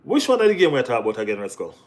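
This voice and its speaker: A young man races through a casual live football discussion, repeatedly asking "you know what I mean" and jumping up to high, thrilled exclamations.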